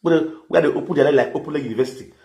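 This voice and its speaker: Man, Nigerian accent, heated scolding rant, high-pitched, echoey room. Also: very fast, dark tone. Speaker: vlogger. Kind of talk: angry ranting commentary. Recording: echoey room, faint background noise.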